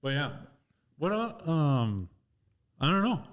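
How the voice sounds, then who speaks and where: A man's voice: on the high side, sing-song, slow, smooth. A man hosting a podcast in casual chat, often stammering and restarting his sentences. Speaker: podcast host.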